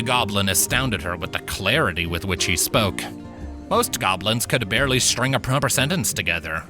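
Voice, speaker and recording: A man narrating a fantasy short story in an expressive storytelling manner, with faint music behind him. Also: lowish voice, normal speed.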